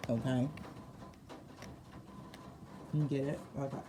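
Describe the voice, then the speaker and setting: A woman's voice: extremely low pitch, fairly even intonation, slow pace. A woman doing a casual tarot reading for her viewers, laughing often and repeating phrases for emphasis, with slangy talk. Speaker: tarot reader. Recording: noticeable background noise.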